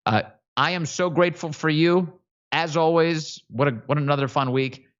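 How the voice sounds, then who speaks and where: A man's voice: on the high side, steady tone, moderate pace, a bit bright, dull audio. A man hosting a political commentary show, talking in a sarcastic, mocking, emphatic way. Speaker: host.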